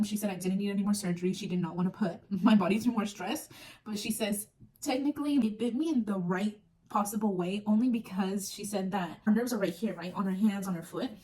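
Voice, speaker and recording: A young woman vlogger casually tells a personal story, chatty and full of fillers, acting out moments as she goes. Her mid-range voice has a dark tone and moves fast, picked up by a distant mic with faint noise.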